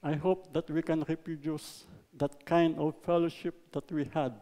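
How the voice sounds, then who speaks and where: A man with a Filipino accent preaching a sermon, mixing English and Tagalog, stressing words loudly and then letting lines trail off softly. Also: fairly high pitch, flat delivery, moderate pace, big-room sound. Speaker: pastor. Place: church hall.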